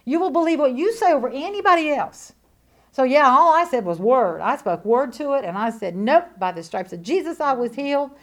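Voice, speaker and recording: Animated woman preaching. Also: high-pitched, brisk. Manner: animated, emphatic, swings between loud declarations and hushed asides. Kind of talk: sermon testimony.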